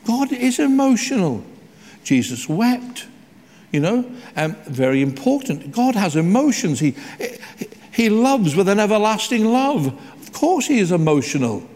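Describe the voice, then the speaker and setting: Male pastor, animated and emphatic sermon delivery, large echoing church hall. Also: fairly high pitch. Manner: animated, emphatic preaching with slowed quoted scripture. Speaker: preacher.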